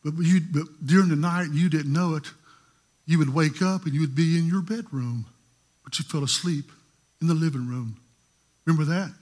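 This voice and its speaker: A pastor preaching a sermon, telling stories in a voice that moves from hushed to emphatic. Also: male voice, fairly high pitch, moderate pace, pauses often, slightly rough. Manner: storytelling, shifting from hushed to emphatic.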